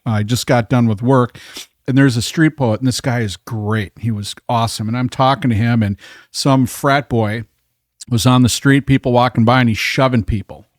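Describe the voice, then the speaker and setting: A man from Minnesota telling a story as a podcast guest in a bar, animated, acting out the quotes. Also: medium pitch, moderate pace, no echo, clean studio sound. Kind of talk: casual storytelling.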